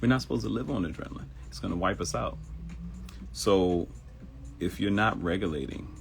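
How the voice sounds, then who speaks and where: Deep gravelly man hosting a talk show. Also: lively intonation, moderate pace, a little hiss or hum. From Baltimore. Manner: chatty, storytelling, addresses listeners as y'all. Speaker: host. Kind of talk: casual live talk show monologue.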